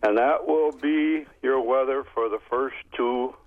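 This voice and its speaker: Slow-talking male caller on a dull line. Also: medium pitch, steady tone, no echo. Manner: slow, halting with fillers. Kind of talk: call-in radio conversation.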